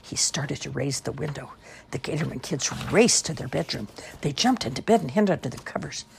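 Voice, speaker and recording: Gravelly low woman reading a storybook. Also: a little fast, noisy background. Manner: expressive, lively voicing. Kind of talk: children's story read-aloud.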